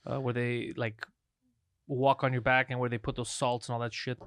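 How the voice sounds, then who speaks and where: A man's voice: mid-range voice, level tone, moderate pace, fairly bright tone, clear, resonant tone, no echo, clean studio sound. A man from Montreal hosting a casual podcast chat, telling heated, profane stories. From Montreal, Canada. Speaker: podcast host.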